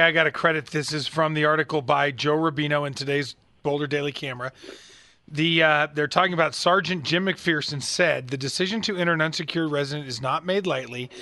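A man co-hosting a talk radio show, reading from a news article and reacting with animated indignation. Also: no room sound. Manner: indignant, animated, rising pitch when outraged.

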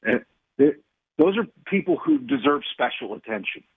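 A man's voice: mid-range voice, very animated, moderate pace, breathy edge, dry recording. A man on the phone as a radio guest, talking in a combative way with many fillers and restarts. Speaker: radio guest, gun rights group leader. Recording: tinny phone line.

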